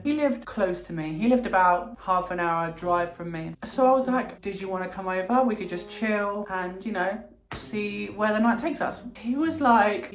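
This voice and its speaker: A young woman telling a storytime vlog in a brash, animated way, acting out quotes and swearing freely. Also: medium pitch. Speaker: vlogger. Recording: echoey room with background music.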